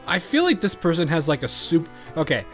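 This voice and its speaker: A male game streamer chatting casually over his playthrough, rambling, restarting sentences and breaking into laughter. His pitch rises and falls with lively swings. Quiet game music runs beneath his voice. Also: fairly quick. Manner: rambling, laughs often, many restarts and fillers. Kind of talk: casual gameplay commentary.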